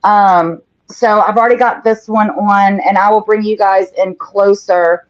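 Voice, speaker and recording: A woman's voice: medium pitch, fairly even intonation, measured pace. A woman hosts a live painting show, chatting casually and reading out viewer comments as she works. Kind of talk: casual livestream chat while painting. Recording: dull lo-fi livestream audio.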